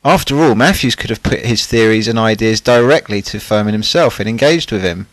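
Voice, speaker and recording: A man's voice: on the low side, expressive, brisk, fairly bright tone, no room sound, low-quality recording. A man narrating a scripted documentary in a sardonic way, with catty asides.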